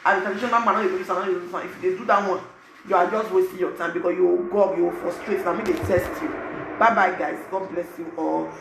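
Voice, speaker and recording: A man speaking Nigerian Pidgin English, giving animated, preachy advice to his viewers in a casual vlog. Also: sits high, quick pace, vocal fry, reverberant, background noise. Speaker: vlogger.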